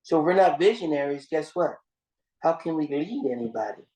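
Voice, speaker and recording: A man's voice: a little high, expressive, a little fast, warm tone. A man giving a motivational seminar talk, preaching, repeating his phrases and calling his listeners "gang" as he tells a story. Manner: storytelling with restarts and emphatic swings. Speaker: seminar speaker. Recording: roomy echo.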